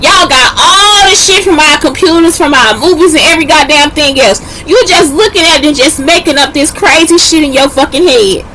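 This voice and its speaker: A woman in a heated, profane rant aimed at her viewers, swearing constantly, at times shouting and close to tears. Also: sits high, moderate pace, hardly any pauses, crowd noise.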